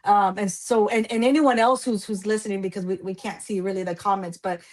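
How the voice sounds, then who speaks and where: A woman's voice: mid-range voice, steady tone, brisk. A woman singer from Texas, talking in a casual radio interview in an effusive, emotional, self-deprecating way. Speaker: guest singer.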